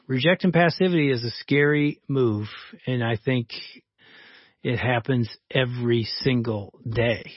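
A male host spins a personal story in casual conversation, mid-pitched and dry, as if close to the mic. The sound is slightly dull and muffled, with no room around it. He stays engaged and keeps the story moving. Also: unhurried, no room sound. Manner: lively storyteller who acts out quoted dialogue. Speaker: podcast host. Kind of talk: storytelling in a casual faith-based talk.

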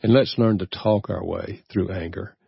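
Brief: older male guest, earnest reflective storyteller, low voice, dull dry studio sound. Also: steady tone, normal speed, gravelly, slightly rough, no echo. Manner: earnest, reflective, easy chuckles. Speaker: guest author. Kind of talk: personal storytelling in a radio interview.

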